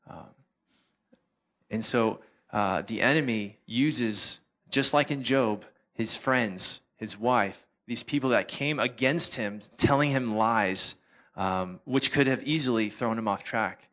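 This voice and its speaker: A man, a missionary, giving a halting, earnest testimony to a church, often repeating words. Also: mid-range voice, bright, forceful tone. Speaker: missionary speaker.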